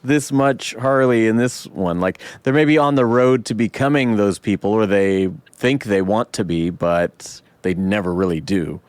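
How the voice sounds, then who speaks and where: A man hosting a casual film podcast, animated and quick to swear and vent out loud. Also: lowish voice, dry recording. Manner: animated, swears and vents loudly. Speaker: podcast host.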